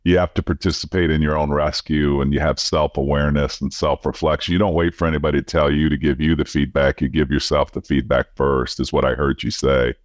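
A man with an extremely deep, flat voice co-hosts a podcast. He praises the guest keenly and sums up the advice. The sound is dry and close. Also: brisk, hardly any pauses, dry recording. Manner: enthusiastic, summarizing the guest's point. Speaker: podcast co-host. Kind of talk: casual podcast interview.

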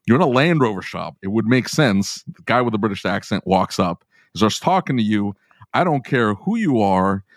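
A man with a fairly low voice hosts the podcast. He keeps it loose, throwing in playful, teasing remarks between points. The sound is dry and close. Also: very animated, dry recording. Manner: jokey, teasing, quick asides. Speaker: podcast host. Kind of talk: casual chat.

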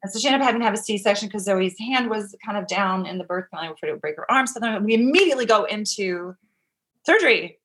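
A woman guest telling a personal story in casual conversation, swinging between loud excitement and hushed, quiet tones. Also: mid-range voice, fast, noisy background.

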